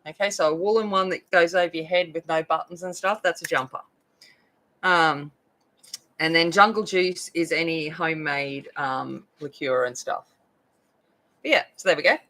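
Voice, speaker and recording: A woman's voice: sits low, moderate pace, fairly bright tone, poor audio. An Australian woman chatting casually as she colors on her coloring video, rambling with lots of fillers. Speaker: adult coloring video host. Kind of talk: casual chat while coloring.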